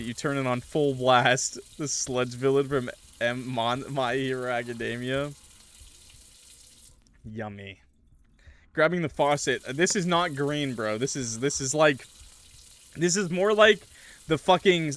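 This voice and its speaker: A male gaming streamer narrates a horror visual novel with dramatic, measured reading. He drops into casual, joking asides between passages, his voice sitting at an ordinary middle pitch. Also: a bit bright.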